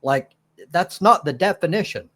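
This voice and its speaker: A man's voice: high voice, expressive, moderate pace, fairly bright tone. A man commenting on a clip in a scornful, profane, casual way. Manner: scornful, laughing. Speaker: reaction video host.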